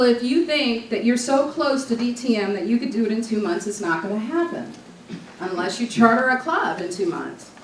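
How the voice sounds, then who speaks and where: A woman from New York leads a club training session in a fairly high voice, joking and storytelling as she goes. Her voice is picked up by a mic some distance away, so it sounds roomy. Faint room noise sits underneath. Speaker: leadership training presenter.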